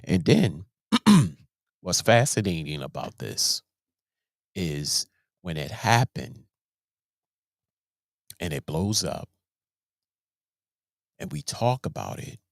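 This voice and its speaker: A man's voice: low voice, vocal fry, dry recording, studio quality. A man hosting a show, giving casual commentary in an emphatic way, often repeating and restarting his words. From Baltimore, USA. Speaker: host.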